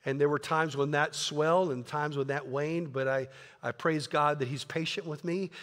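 A man's voice: a little high, fairly bright tone, in a large hall. A man pastor preaching a sermon in an earnest, conversational way, often repeating words. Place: church sanctuary.

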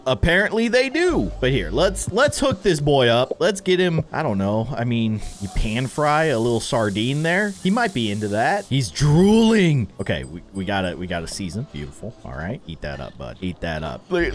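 A man commenting on a cooking game in a playful, joking way. His pitch jumps all over the place, and he puts on a mock-serious chef act. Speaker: gaming video host.

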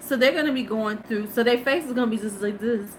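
A woman's voice: a little high, quick pace, slight background noise. A woman in her fifties, a beauty vlogger hosting a live stream, chatting casually, laughing and greeting her viewers. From United States.

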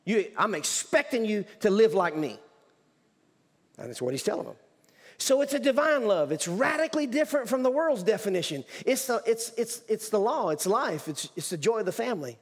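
A male pastor preaching in a church sanctuary, his voice high and animated. He talks emphatically, repeating and restarting phrases. A long hall reverb trails behind each line. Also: fairly quick. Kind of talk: sermon.

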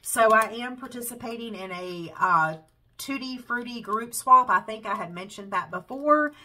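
A woman's voice: a little high, animated, moderate pace, rough recording. A woman with a Southern US accent, hosting her craft channel in casual chat. She sounds congested and nasal from a cold and rambles along with lots of fillers. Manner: chatty, warm-hearted, says y'all and um a lot.

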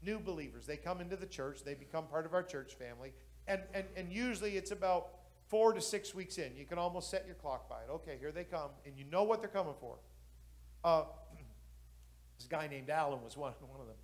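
A male pastor preaching a sermon with passion, building to loud exclamations. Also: fairly high pitch, lively intonation, fairly quick.

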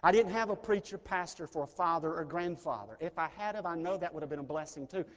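Earnest preacher in a reverberant chapel. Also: male voice, on the high side, animated, fast, fairly bright tone. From Mississippi, US. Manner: earnest, personal storytelling with sudden swells of intensity. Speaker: pastor. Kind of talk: sermon. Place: large chapel. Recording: chapel recording with long reverb.

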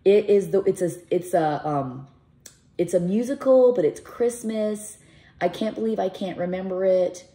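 A woman's voice: mid-range voice, unhurried. A middle-aged woman vlogger, a mother, chatting casually to camera in a rambling, emotional way. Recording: echoey room with soft music.

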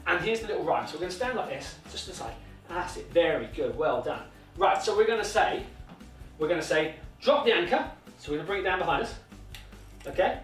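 This British man has a high, fairly bright voice as he coaches a toddler in tennis, sing-song and encouraging with many repeated instructions. The recording has an echoey room, a distant mic and faint music.

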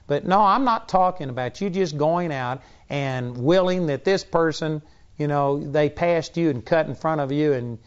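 Blunt bible teacher guy preaching, kinda high voice, dull muffled audio. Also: normal speed, smooth. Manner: blunt, emphatic. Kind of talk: teaching sermon.

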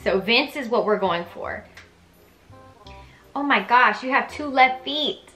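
A woman's voice: a little high, unhurried, bright, forceful tone, reverberant, soft background music. A young woman reads aloud the dialogue of a story game, breaking in with chatty, reactive comments of her own. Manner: chatty and reactive, switches between reading and commenting. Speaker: gaming YouTuber reading a story game aloud.

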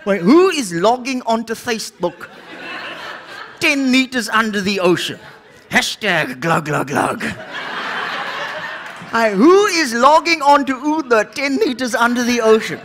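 Man voicing a brash male puppet comic, high lively voice, mocking, shouty, stage ventriloquism. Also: a little slow, long pauses, slight background noise, heavily acted. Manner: loud, mocking, swearing, shouty punchlines. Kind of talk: ventriloquist stand-up comedy.

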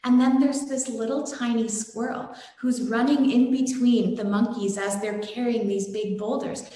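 A woman giving a gentle, devotional sermon and telling a story, with some fillers. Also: a little high, fairly even intonation, moderate pace. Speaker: satsang speaker. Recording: very echoey room.

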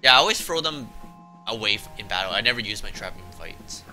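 Excitable guy chatting on a game stream, really bright lively voice, faint music behind. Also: lowish voice, fast, rough recording. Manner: rambling, excitable, laughing. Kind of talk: casual chat while playing.

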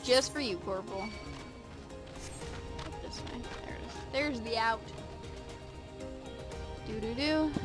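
A woman's voice: a little high, measured pace, pauses often, over music. A young woman casually chatting and commenting while playing a game on stream, talking to characters and her chat in a playful way.

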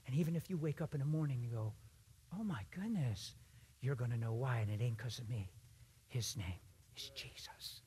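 A man giving a sermon in a church, swinging from hushed whispers to loud shouted emphasis and acting out conversations in other voices. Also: medium pitch, a little fast, breathy edge. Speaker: guest preacher.

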